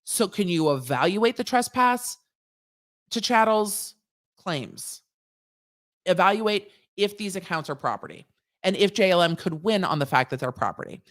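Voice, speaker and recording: A woman's voice: fairly low pitch, lively intonation, a little slow. A woman lawyer hosting a casual legal commentary livestream, chatty and digressive, laughing at her own jokes.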